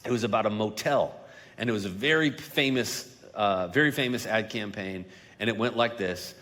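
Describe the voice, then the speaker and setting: A male pastor preaching a sermon, slowing down and dropping to a hush for emphasis, then building up louder on key points. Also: lowish voice. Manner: dynamic delivery, slowing and dropping quiet for emphasis. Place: large church sanctuary. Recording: long reverb of a large hall.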